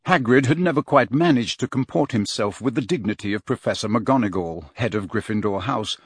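A man reading an audiobook as narrator, in steady, measured storytelling. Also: mid-range voice, breathy edge, no echo, clean studio sound. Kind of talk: scripted narration.

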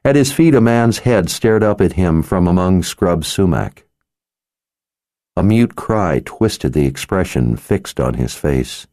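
Deep-voiced male audiobook narrator. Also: dry recording. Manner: even, measured, dramatic reading. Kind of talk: scripted narration.

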